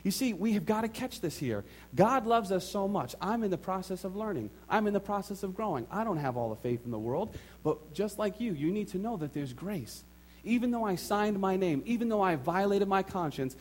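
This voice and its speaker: A man preaching a sermon, telling a personal story with animated acted-out quotes and repeated phrases for emphasis. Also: high voice, moderate pace. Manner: animated storytelling, acts out his own and others' quotes. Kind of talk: sermon testimony.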